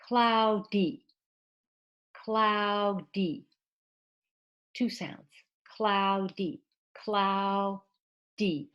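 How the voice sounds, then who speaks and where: A woman with a lowish, darkish voice teaches an online English class. She explains slowly and patiently, with many pauses and fillers, and offers Mandarin glosses for her students.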